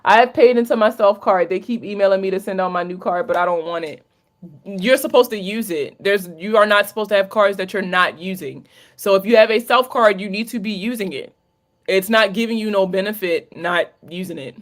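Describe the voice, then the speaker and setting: A woman with a Maryland accent hosts a casual late-night livestream Q&A as a credit coach. She talks in a candid, chatty way, swearing freely and mixing in slang. Her voice sits at a middling pitch. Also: a little fast. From Maryland, USA. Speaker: credit coach hosting a live Q&A.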